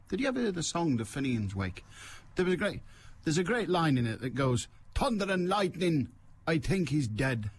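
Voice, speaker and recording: A man's voice: medium pitch, a little hiss or hum. An older man hosting a radio phone-in, chatting in a dry, self-mocking, rambling way. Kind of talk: rambling solo radio chat. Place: radio studio. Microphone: studio mic.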